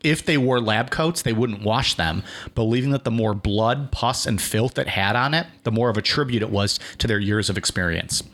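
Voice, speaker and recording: A man's voice: on the low side, normal speed, a bit bright. A man hosting a podcast, reading a history outline and breaking into loose, casual asides. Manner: reads notes, then drifts into filler-heavy "like" chatter. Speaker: podcast host and narrator.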